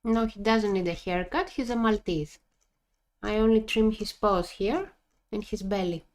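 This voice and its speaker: A woman's voice: medium pitch, measured pace, darkish tone. A woman from Greece with a Greek accent, chatting casually and teasing on a stream. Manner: playful, teasing.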